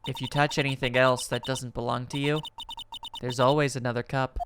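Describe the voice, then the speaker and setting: A woman voicing a creepy, quiet female secretary who speaks low and softly with menacing politeness. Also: flat delivery, a little fast, noisy background. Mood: ominous hush.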